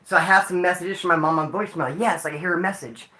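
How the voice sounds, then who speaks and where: A man's voice: sits high, fast talker, sharp tone, roomy sound. A grieving man, talking casually to his livestream chat in a slangy, emotional way. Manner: slangy, emotional, addresses chat as homeboy and dude. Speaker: livestream host.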